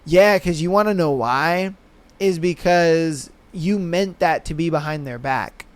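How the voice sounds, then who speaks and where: A man's voice: a little high, a little slow. A young adult man hosting a podcast in casual solo commentary, blunt and slangy, often asking "you know what I mean". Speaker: podcast host.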